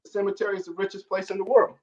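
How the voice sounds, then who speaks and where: A man's voice: high voice, level tone, rapid-fire, a little mellow, dull audio. A man hosting a casual chat, telling earnest motivational stories. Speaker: podcast host.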